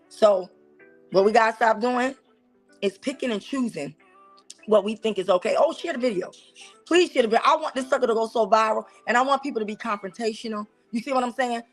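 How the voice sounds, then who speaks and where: Woman, Southern US accent, high voice, animated, preachy, teasing, talk show host, faint music behind. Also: a little fast. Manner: animated, preachy and teasing, talks straight to viewers. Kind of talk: casual commentary on church life.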